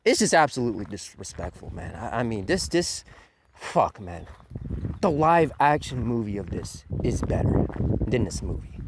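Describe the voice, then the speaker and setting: A man's voice: on the low side, very animated, moderate pace, a little hiss or hum. A man giving a crude, mocking countdown rant as an anime reviewer, swearing often and sneering at fans. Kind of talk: ranting countdown commentary.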